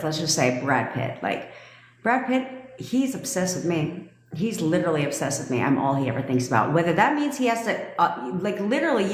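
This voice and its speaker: A woman's voice: mid-range voice, reverberant, in a large hall. A woman coaching on manifestation in a casual live stream. She talks bluntly, swears freely, laughs often and answers viewers' comments. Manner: blunt, profane, quick to laugh. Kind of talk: casual livestream chat.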